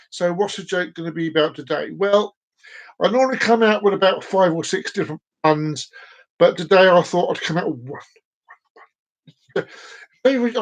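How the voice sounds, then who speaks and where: High-voiced man rambling on stream. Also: poor audio. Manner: rambling, repeats phrases, trips over words. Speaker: live stream host. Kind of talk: casual live stream chat.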